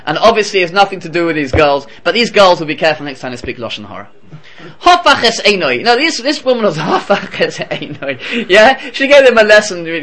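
A man giving a Torah lesson in a lively, conversational storytelling manner. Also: a little high. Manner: animated, conversational. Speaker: Torah teacher.

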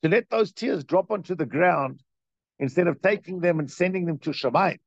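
Man teaching Torah, high voice, gravelly edge, repeats points emphatically. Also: normal speed, dry recording, lo-fi sound. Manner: reads Hebrew text, then explains in English with rising emphasis. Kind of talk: Torah class reading and explaining a text.

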